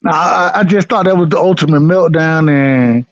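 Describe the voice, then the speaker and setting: A high-voiced man from the States chats about boxing in a loose, profane, easygoing way, often circling back to the same phrases. His voice is recorded dry, with a slightly muffled, dull tone. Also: normal speed, no room sound. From United States. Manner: laid-back, profane, laughing, repeats himself. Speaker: boxing podcast co-host. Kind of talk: casual chat.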